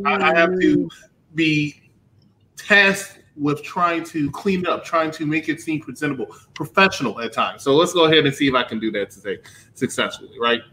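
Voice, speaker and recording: A man's voice: mid-range voice, sharp tone, a little hiss or hum, rough recording. A man co-hosting a podcast in casual chat, wry with chuckling asides. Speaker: podcast co-host.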